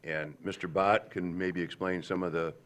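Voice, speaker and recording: A man, a county commissioner, speaking at a public board meeting in a halting, rambling way with many fillers and restarts. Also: deep voice, level tone, fairly bright tone.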